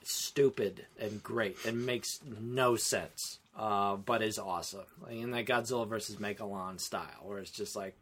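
A man co-hosting a casual film podcast, talking in a rambling, animated way and often breaking off and restarting mid-sentence. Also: lowish voice, measured pace, few pauses. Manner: rambling, animated, self-interrupting. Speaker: podcast co-host.

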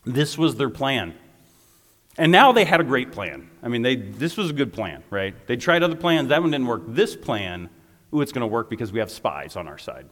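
A man preaching a lively, conversational sermon as a youth pastor, often turning aside to talk to the listeners. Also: medium pitch, moderate pace, long reverb tail.

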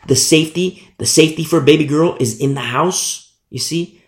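A man's voice: medium pitch, a little mellow. A man teaching a Bible sermon with fervent, emphatic repetition. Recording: roomy echo.

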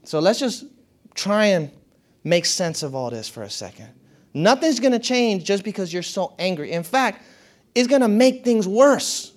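A man giving a motivational talk to an audience, casual and conversational. He often breaks into laughter. His voice swings from quiet, low stretches up to bright, excited highs. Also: measured pace. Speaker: speaker addressing an audience.

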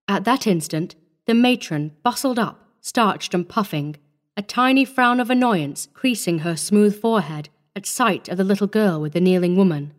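A woman reading a classic short story aloud in a measured, even storytelling manner. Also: mid-range voice. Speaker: narrator. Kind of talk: scripted audiobook narration.

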